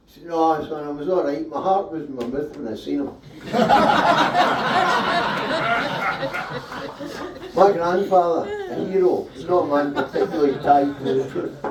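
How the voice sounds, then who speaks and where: A Scottish man performs stand-up in a small live venue, delivering jokes in an unhurried, deadpan way. His voice sits slightly high and is picked up from a distance in a roomy, echoing space. Faint background noise hangs under it. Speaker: stand-up comedian. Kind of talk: stand-up comedy set.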